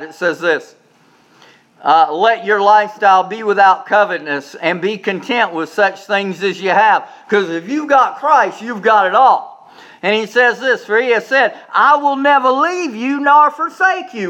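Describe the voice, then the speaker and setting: Pastor guy preaching a sermon, kinda high voice, keeps repeating lines for emphasis, then goes quiet for little asides. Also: unhurried.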